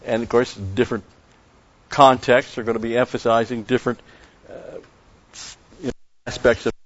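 A male preacher gives an expository Bible lesson in a mid-pitched voice. He is emphatic, repeats key phrases and draws out Greek terms slowly. The recording sounds dull and lo-fi. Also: level tone.

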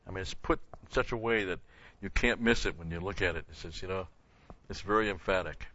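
A man with a lowish but bright, forceful voice teaches a verse-by-verse Bible lesson. He poses questions to the class and answers them himself, repeating key words for emphasis. The recording sounds dull and lo-fi. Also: a little fast.

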